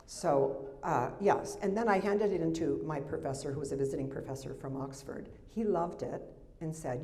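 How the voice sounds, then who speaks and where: An older American woman, an author, reads from her memoir at a live library event into a handheld or stand mic. Her voice is deep and dark, her pace moderate, and she adds wry, chatty asides.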